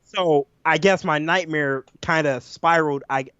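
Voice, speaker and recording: Profane animated man, dry lo-fi sound. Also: on the high side, a little slow, smooth, dry recording. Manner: animated, profane, acts out his own lines. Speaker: podcast co-host. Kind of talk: casual storytelling chat. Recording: dull lo-fi audio, dry.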